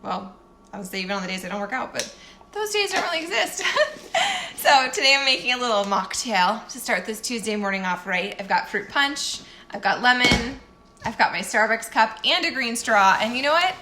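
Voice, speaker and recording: A woman's voice: fairly high pitch, fairly quick, background noise. A woman chatting candidly in a casual morning vlog as a fitness coach, self-deprecating and often laughing.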